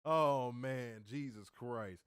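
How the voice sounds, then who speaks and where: A man co-hosting a wrestling review stream, talking in a loose, joking way and swearing freely. His voice sits at an ordinary middle pitch, and the sound is dry and close, with no room around it. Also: slow pace, a bit bright, clear, resonant tone, no echo. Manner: loose, joking, reads chat comments, summarizes show. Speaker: podcast co-host reviewing wrestling. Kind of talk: casual profane review chat.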